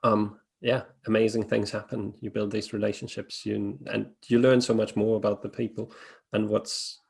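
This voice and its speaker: Man, webinar host, low gravelly voice, flat delivery, hesitant and filler-heavy. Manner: hesitant, many fillers and restarts. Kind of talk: casual webinar talk.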